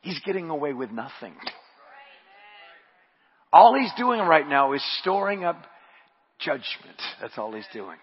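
A man preaching a sermon. He drops to hushed murmurs, rises to shouted refrains, repeats his phrases and speaks in tongues. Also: a little high, sing-song, unhurried, long pauses, breathy edge. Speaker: pastor. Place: church sanctuary. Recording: dull audio with long hall reverb.

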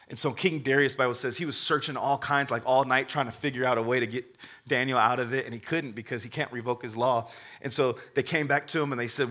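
Bright, animated male preacher. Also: mid-range voice, fairly quick. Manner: animated storytelling, acts out characters, laughs with the crowd; stammers when starting sentences. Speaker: pastor. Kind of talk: sermon.

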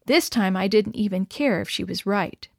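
A woman's voice: medium pitch, moderate pace, vocal fry, no room sound. Woman narrating a children's story, dry sound. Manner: expressive, lively reading of dialogue.

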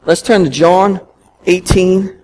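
High-voiced animated preacher man. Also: slow pace, rough recording. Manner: storytelling, animated, emphatic. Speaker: pastor. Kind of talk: sermon. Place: church.

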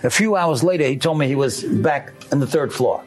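A man's voice: mid-range voice, expressive, brisk, soft background music. A man preaching a sermon, telling a story earnestly and speaking straight to his listeners. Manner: earnest, addresses listeners directly.

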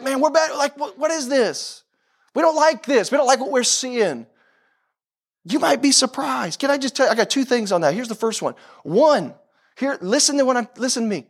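A man. He repeats phrases and speaks directly to his listeners, hammering points home. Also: high-pitched. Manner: impassioned, repeats phrases, talks straight to the congregation. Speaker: pastor. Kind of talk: sermon.

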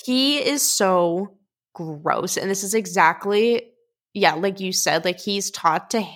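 A young woman co-hosting a podcast in casual chat. She is animated, fills her talk with "like" and acts out quotes. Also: medium pitch, slow. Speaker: podcast co-host.

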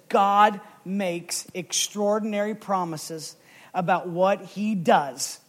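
An emotional male preacher with a strikingly high voice for a man, telling a story in his sermon. He moves from hushed narration to shouted, fervent calls, and his pitch stays very high throughout. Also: steady tone, slow pace. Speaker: pastor.

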